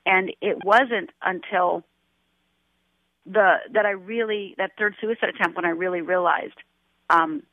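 A woman guest on a radio interview, talking earnestly with halting restarts. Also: medium pitch, animated, no room sound. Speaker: guest life coach. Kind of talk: radio interview over the phone. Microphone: telephone. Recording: dry tinny phone line.

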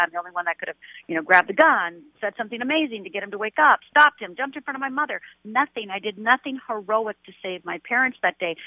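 A woman guest on a radio interview, talking earnestly with halting restarts. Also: mid-range voice, no room sound. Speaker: guest life coach. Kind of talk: radio interview over the phone. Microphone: telephone. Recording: dry tinny phone line.

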